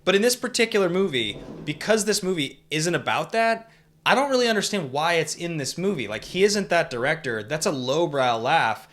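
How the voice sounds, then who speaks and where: A man co-hosting a movie review podcast in casual, candid chat. His voice is bright and on the higher side, and his pitch swings widely as he gets animated. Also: normal speed. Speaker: podcast co-host.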